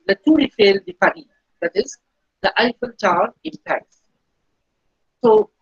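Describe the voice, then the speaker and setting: A woman teaching a beginner French lesson, explaining slowly and patiently and repeating each phrase. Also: medium pitch, a bit bright, breathy edge, no room sound. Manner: slow, patient explaining with repetition. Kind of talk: recorded language lesson. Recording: dull lo-fi recording.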